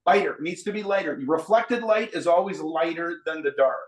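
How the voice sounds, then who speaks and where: With a somewhat high voice, the instructor sounds animated and moves fairly quickly through a live painting lesson. He chats and describes each stage as he paints, and the space echoes around him.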